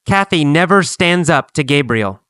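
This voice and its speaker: A man teaching an English lesson, speaking slowly and deliberately and repeating phrases for learners to copy. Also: fairly high pitch, expressive, a bit bright, smooth, no room sound. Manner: slow, deliberate, repetitive drilling.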